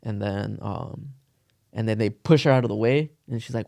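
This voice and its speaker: Young man rambling through a story, gravelly. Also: medium pitch, steady tone, fairly quick, a little mellow, dry recording, clean studio sound. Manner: rambling, heavy "like" fillers, cursing slang. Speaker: podcast co-host. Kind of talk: casual storytelling chat.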